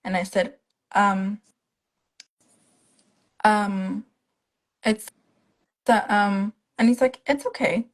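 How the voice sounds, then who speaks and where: A young woman, a stroke survivor, appears as a guest on a live stream, speaking through a phone in a medium-pitched voice, extremely slowly and with long pauses. She casually tells her own story, animatedly acting out the lines of the people in it. The recording is rough.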